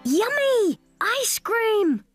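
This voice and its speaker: A young boy with a sore throat in a children's cartoon. He sounds hesitant and sheepish, in a high, lively voice that drags very slowly, with faint music behind. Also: gravelly, full character voice. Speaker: son character.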